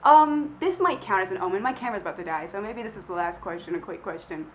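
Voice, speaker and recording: A woman's voice: mid-range voice, expressive, quick pace, slight background noise, rough recording. A young woman who is feeling sick, chatting casually to camera as she answers questions in a rambling, self-deprecating way full of filler words. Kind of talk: casual chat.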